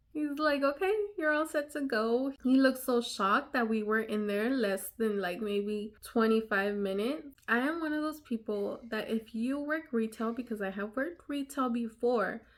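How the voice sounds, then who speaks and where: Young woman chatting to her viewers, lots of "you know" and "like", kinda high voice. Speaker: vlogger. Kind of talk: casual storytime chat.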